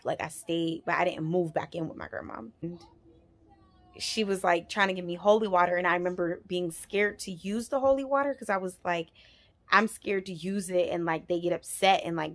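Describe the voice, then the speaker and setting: A woman in her twenties telling a personal story on her vlog, animated and emphatic, with frequent swearing. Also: fairly low pitch. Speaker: vlogger.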